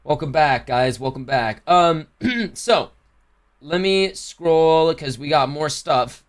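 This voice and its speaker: High-voiced rambling male streamer. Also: animated, slow pace. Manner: rambling, slangy, self-correcting. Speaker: livestreamer. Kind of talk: casual chat to a stream chat.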